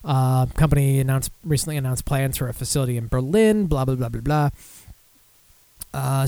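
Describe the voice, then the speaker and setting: A man's voice: medium pitch, creaky, darkish tone, no echo. A man hosting a podcast, reading news aloud in a loose, casual way with profane, sarcastic asides. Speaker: podcast host.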